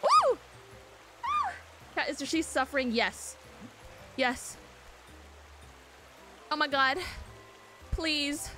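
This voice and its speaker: High-pitched jumpy young woman streamer. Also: drawn-out words, long pauses, music in the background. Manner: jumpy, swears a lot, frequent shrieks; reads chat aloud. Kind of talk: game stream commentary.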